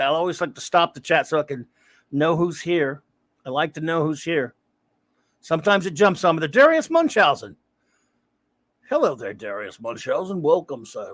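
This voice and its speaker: A man's voice: on the high side, fairly bright tone, dry recording. Man, livestream host, rambling casual chat, greets viewers by name, dry close sound. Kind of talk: casual live-stream chat, reading chat aloud.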